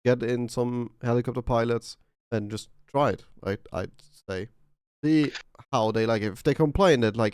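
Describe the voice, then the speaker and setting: A man hosting a casual developer podcast, relaxed and easygoing. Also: mid-range voice, moderate pace, smooth, no room sound, clean studio sound. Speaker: podcast host.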